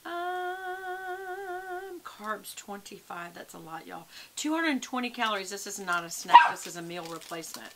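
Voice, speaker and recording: A woman's voice: mid-range voice, big pitch swings, unhurried, very noisy. A woman, chatting casually and rambling to her viewers at home, calling them y'all. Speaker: vlogger. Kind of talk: casual chat to camera.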